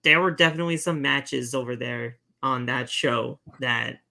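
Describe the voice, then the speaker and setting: Gravelly, sharp-toned podcast host man. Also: mid-range voice, normal speed. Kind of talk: casual chat.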